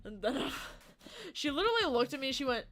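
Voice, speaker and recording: A woman's voice: sits high, very animated, moderate pace, fairly bright tone. A young woman livestreaming and chatting casually with her viewers, rambling, joking and swearing freely. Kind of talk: casual chat with stream viewers. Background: faint game music.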